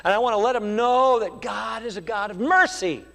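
A man's voice: high voice, normal speed, creaky, a bit bright, big-room sound. A man preaching a sermon with fervent rhetorical questions and acted-out quotes. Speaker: pastor.

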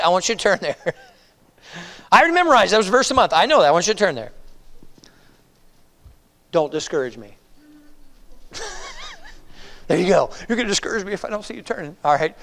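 A man pastor preaching a sermon, swinging from hushed asides to emphatic, drawn-out exhortations. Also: high-pitched, animated, big-room sound.

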